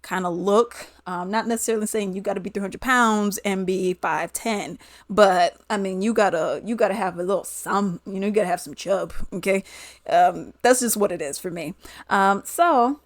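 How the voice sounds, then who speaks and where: A woman vlogger chatting casually through a storytime, animated and quick to laugh. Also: mid-range voice, no room sound, clean studio sound.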